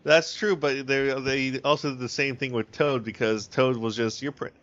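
Joking guy on a podcast, bright sharp voice, stumbles over words, lo-fi sound. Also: mid-range voice, fairly even intonation. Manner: quick to joke, stammering restarts. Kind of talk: casual chat. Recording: dull lo-fi podcast audio.

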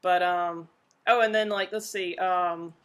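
A woman's voice: lowish voice, steady tone, a little slow, fairly bright tone. A woman co-hosting a podcast in casual chat, rambling with lots of fillers. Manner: chatty, rambling with many fillers. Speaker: podcast co-host.

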